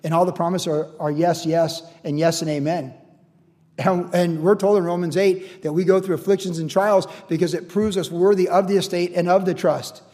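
A man preaching a sermon in an animated, conversational way, often acting out quoted voices. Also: sits high, moderate pace, big-room sound. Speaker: pastor.

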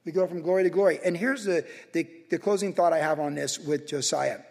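A man with a high-pitched voice delivers an energetic, casual sermon, peppered with slang. His voice rings out with a long reverb in a church sanctuary. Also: fairly quick, vocal fry. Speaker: pastor.

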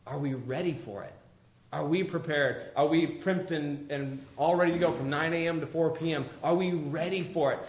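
A man preaching a sermon, moving between loud, urgent calls and hushed, low appeals. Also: normal speed. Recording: roomy echo.

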